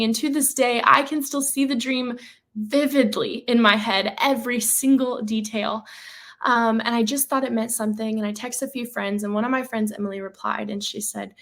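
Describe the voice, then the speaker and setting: A woman's voice: fairly high pitch, normal speed, a bit bright. A young woman hosting a faith podcast, telling a personal story in an earnest, slightly nervous way with frequent ums. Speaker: podcast host.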